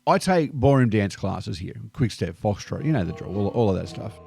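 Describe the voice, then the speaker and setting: A man with an Australian accent telling stories to camera in a lively, slang-filled monologue. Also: lowish voice, moderate pace, gravelly, faint music behind. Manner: lively anecdotal delivery sprinkled with slang. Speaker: video host. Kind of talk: scripted storytelling monologue.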